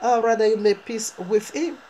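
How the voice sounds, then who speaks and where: A woman's voice: fairly high pitch, normal speed, mellow, a little hiss or hum, rough recording. A woman preaching a fervent sermon, driving her points home with emphatic rhetorical questions.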